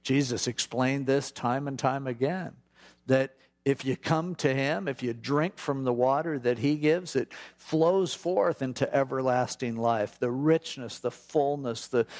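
A middle-aged man with a gravelly, creaky edge to his voice, teaching from scripture in a relaxed, conversational way. He slips into quick acted-out prayers and asides as he talks. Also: mid-range voice. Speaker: pastor.

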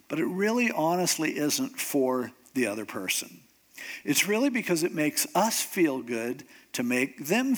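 A middle-aged man preaching a humorous sermon, telling stories and acting out the voices of the people he quotes. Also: fairly high pitch. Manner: animated storytelling, acts out quoted voices. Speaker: pastor.

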